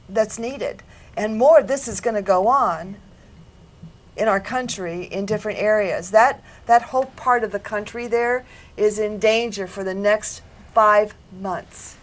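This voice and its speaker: A woman's voice: medium pitch, unhurried. A woman psychic on a studio panel, giving an earnest, reflective reading to an audience member and checking that it makes sense.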